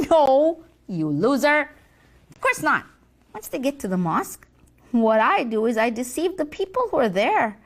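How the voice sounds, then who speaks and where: A woman's voice: high voice, sing-song, unhurried, heavily acted. A woman playing a boastful, scheming devil boss in a comedy sketch, gloating and scornful, with theatrical whispers.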